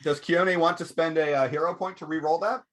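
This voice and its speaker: A man narrating as game master of a tabletop game in a measured way, often pausing with fillers. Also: fairly high pitch, fairly even intonation, a bit bright.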